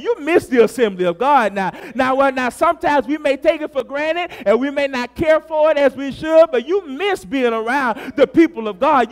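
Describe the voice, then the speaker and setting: A pastor preaches in a strikingly high voice. His delivery is rhythmic, swinging between quiet asides and shouted, drawn-out refrains. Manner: rhythmic preaching, rising to shouts on key phrases. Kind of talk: sermon.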